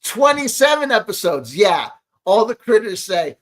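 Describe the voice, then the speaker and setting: A man's voice: fairly high pitch, moderate pace. A man ranting in reaction to a video, sarcastic and exasperated, rambling with lots of fillers. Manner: exasperated, sarcastic, talks back at the clip. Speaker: commentary host reacting to a clip.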